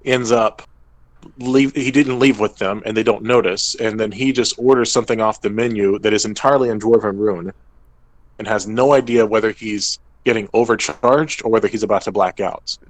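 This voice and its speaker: A man's voice: on the low side, steady tone, normal speed, poor audio. A young man, podcast co-host and game master, casually recapping a tabletop game and briefly acting out characters' lines.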